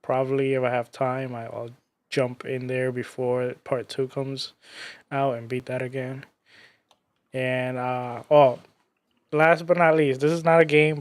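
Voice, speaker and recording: A man hosting a gaming podcast in casual chat, relaxed and teasing. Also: medium pitch, no room sound. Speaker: podcast host.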